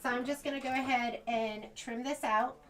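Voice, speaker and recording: High-voiced chatty American woman teaching embroidery. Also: steady tone, moderate pace, fairly bright tone. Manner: chatty, thinks aloud, self-correcting. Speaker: sewing shop instructor. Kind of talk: embroidery demonstration. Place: sewing shop.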